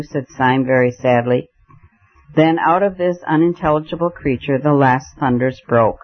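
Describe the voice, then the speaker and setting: A man narrating a novel in a steady, measured reading. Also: mid-range voice, lo-fi sound. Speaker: audiobook narrator. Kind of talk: scripted narration.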